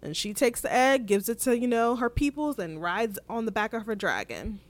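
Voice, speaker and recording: Lively woman recapping a TV scene. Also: a little high, moderate pace. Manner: animated, quotes characters in lively voices, laughs often. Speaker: podcast co-host recapping an episode. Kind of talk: casual chat, retelling a scene.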